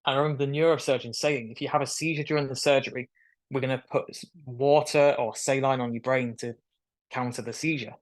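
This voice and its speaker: A man's voice: medium pitch, fairly quick. A young man, telling the story of his surgery as a guest on a video call, acting out the voices of the people in it. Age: young adult. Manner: animated storyteller who acts out quoted voices. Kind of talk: casual storytelling interview.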